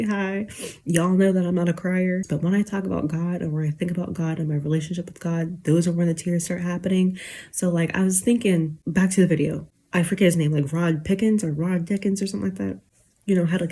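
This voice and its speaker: A young woman in her twenties talks straight to her viewers in a loose, rambling late-night rant, full of fillers and restarts. She is close to tears and keeps fighting to hold it together. Her voice is mellow and a little husky. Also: on the low side. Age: 20s. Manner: emotional, on the verge of tears, rambling with many fillers. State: teary, holding back tears. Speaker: YouTuber.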